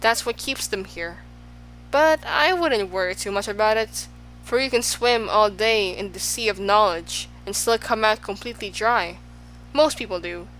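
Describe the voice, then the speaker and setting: A woman plays an exclaiming, fickle man in a storybook reading, his voice pitched a little higher than her narration and louder. He swings from boasting to sighing. A faint hum sits under the recording. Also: moderate pace, close to an everyday voice, low-quality recording. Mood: rueful. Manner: exclaiming, swinging between moods. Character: excitable, fickle man of all extremes.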